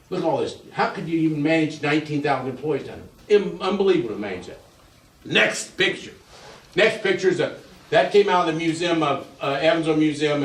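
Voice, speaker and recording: An older man gives a rambling, folksy slide talk to a group in a museum, repeating himself as he goes. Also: a little high. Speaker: museum speaker giving a talk. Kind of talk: informal slide lecture to a group. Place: museum hall with an audience. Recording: echoey room, voice from a distance.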